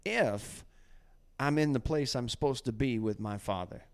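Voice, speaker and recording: A man hosting a casual faith podcast, talking in an animated, preachy way and often acting out quotes. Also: medium pitch, unhurried. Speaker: podcast host.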